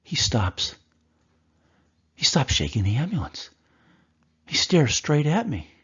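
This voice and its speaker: A man who is a doctor, giving a recorded course lecture and telling a story from his work with animated voices. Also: mid-range voice, takes it slowly, breathy edge, muffled recording.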